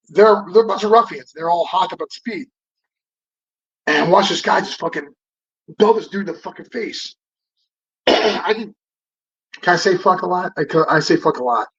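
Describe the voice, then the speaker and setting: Man in his fifties, fairly high voice, rambling and profane podcast guest, dull lo-fi audio. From Southern California. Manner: rambling and profane, full of fillers and restarts. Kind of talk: casual storytelling interview.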